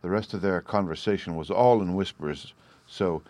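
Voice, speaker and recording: Low-voiced man narrating a classic novel. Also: a little mellow, no echo. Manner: measured, storytelling. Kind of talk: audiobook reading of a classic novel.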